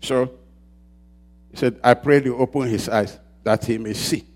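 A man preaching a sermon, asking the congregation to finish his sentences and swinging between loud shouts and quiet asides. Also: medium pitch, fairly even intonation, measured pace. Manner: call-and-response preaching, asks the congregation to fill in words.

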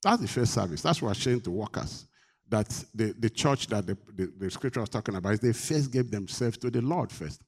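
Man, pastor, sermon, emphatic, call-and-response, rising pitch and volume. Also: animated, fairly quick, breathy edge.

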